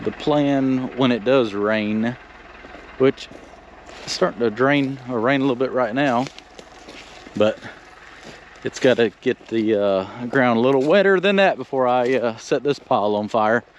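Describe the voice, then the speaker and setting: A man walking a land-clearing site outdoors, talking plainly and a little out of breath as he explains the work, with filler words. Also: medium pitch, a little slow, slight background noise. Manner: plainspoken, thinking aloud with fillers. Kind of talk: casual walk-and-talk vlog. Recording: dull lo-fi outdoor camera audio.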